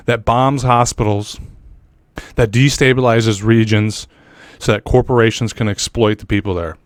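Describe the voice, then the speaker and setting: A man's voice: lowish voice, smooth, no room sound, clean studio sound. A man hosting political commentary, ranting in a heated, profane way. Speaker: commentary host.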